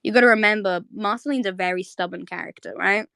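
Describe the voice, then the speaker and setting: A woman hosting a live audio chat, casually retelling a cartoon episode as an excited fan who keeps asking "right?". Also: medium pitch, fast talker, creaky, smooth, no echo. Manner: chatty, fan-excited, many fillers and "right?".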